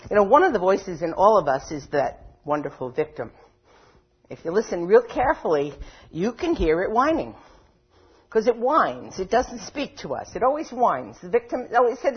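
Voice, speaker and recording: A woman's voice: lowish voice, husky, dull audio. A woman giving a conversational talk to a live audience, often saying 'you know' and acting out inner voices. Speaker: workshop speaker.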